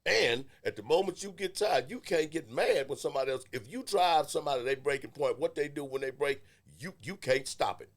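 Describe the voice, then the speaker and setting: A man's voice: a little high, a little fast, few pauses. A middle-aged man co-hosting a podcast, telling stories from his own life in a loose, profane, jokey way. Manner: animated, profane, jokey storyteller. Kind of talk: casual storytelling chat.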